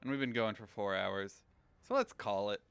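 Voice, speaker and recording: A man chatting casually as a game streamer on a livestream, rambling and thinking out loud. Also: lowish voice, normal speed, vocal fry, smooth, dry recording. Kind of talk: casual livestream chat while gaming.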